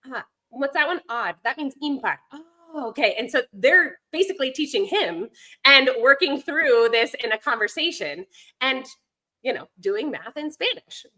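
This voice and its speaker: Woman, podcast guest, bright tone, chatty, rambling asides. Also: high-pitched. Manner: chatty, digresses, many fillers. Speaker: guest, homeschooling mom and language instructor. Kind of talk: conversational podcast interview.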